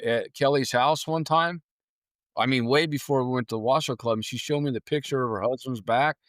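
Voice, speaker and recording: A man with a mid-range voice speaks at normal speed, recorded with clean studio sound and no echo. As a paranormal investigator guest on a podcast, he tells ghost-hunting stories casually and animatedly, acting out his own reactions as he goes.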